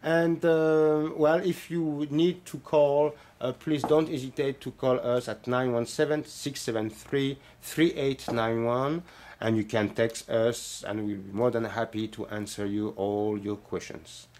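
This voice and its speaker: A man's voice: medium pitch, steady tone, unhurried, darkish tone. Middle-aged french guy, heavy accent, walks through his bootmaking classes, earnest, lots of uhs. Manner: earnest, apologetic, hesitant with many fillers. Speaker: bootmaking instructor. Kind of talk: explaining classes in a promo walkthrough.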